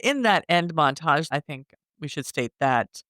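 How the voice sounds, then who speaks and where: A man's voice: a little high, lively intonation, unhurried, bright, forceful tone, no echo, clean studio sound. A man co-hosting a podcast who adds short reactions and opinions while discussing a movie. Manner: short backchannels and opinionated comments. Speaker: podcast co-host.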